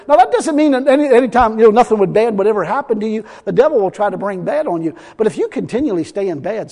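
A man's voice: very high-pitched, animated, fast, hardly any pauses, darkish tone, big-room sound. A man preaching a sermon as pastor, emphatic and folksy, often chuckling as he talks.

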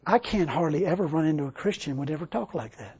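A man's voice: a little high, animated, fast, darkish tone, breathy edge, highs cut off. A man preaching a sermon to a church congregation, folksy and emphatic, with casual grammar. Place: church service.

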